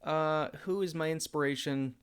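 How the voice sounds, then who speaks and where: A young man hosting a casual livestream Q&A in a relaxed, laid-back way, with lots of filler words. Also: fairly high pitch, moderate pace, clear, resonant tone. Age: young adult. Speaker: YouTuber and comic dubber.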